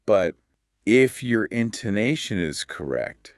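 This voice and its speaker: Low-voiced guy teaching english, slow and calm, lots of melody in it. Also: no room sound, clean studio sound. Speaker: podcast host, English teacher. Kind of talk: scripted teaching dialogue.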